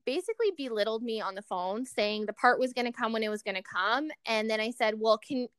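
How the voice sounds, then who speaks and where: A young woman tells a story on a podcast, bringing to life what each person said. Her voice is fairly high and smooth. The recording is close and dry. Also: quick pace, no room sound. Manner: animated storyteller who acts out quoted voices. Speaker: podcast co-host. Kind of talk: casual chat.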